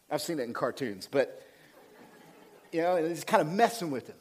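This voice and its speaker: A male pastor giving an animated, conversational sermon, swinging between loud emphasis and quiet asides. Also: on the high side, normal speed, long pauses.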